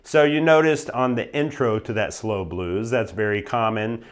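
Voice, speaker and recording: Animated man teaching guitar. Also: fairly low pitch, moderate pace, clear, resonant tone. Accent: American. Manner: emphatic, animated, checks in with "right?" and "okay?". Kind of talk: instructional talk to camera.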